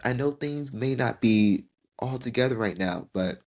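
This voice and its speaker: Speaking unhurriedly in a medium-pitched, darkish voice, a podcast host in his 20s offers an emotional personal reflection. He is tearing up as he talks about getting a year older.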